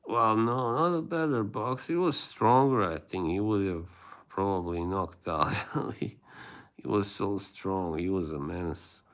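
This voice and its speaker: A man's voice: fairly low pitch, a little slow. A man hosting a livestream, rambling in casual chat with his viewers and laughing often. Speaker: livestream host.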